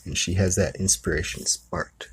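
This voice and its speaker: A man's voice: sits low, fairly even intonation, moderate pace, slightly rough. A man hosting a spiritual talk, telling a story in a casual, rambling way full of asides. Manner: rambling, with many asides of "you know" and "okay".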